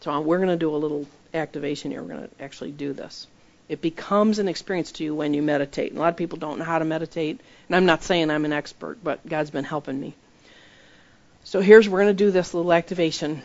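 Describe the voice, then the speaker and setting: A woman's voice: steady tone, fast. A middle-aged woman preaching a sermon and leading a guided visualization, acting out voices in the story. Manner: leads guided visualization, acts out quoted voices with rising pitch. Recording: dull lo-fi recording.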